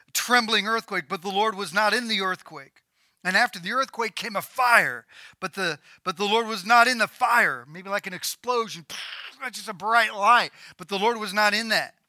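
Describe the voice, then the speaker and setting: A man preaching a sermon, retelling scripture dramatically and acting out the quoted voices, at times rising to near shouts. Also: high voice, dry recording, clean studio sound. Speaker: pastor.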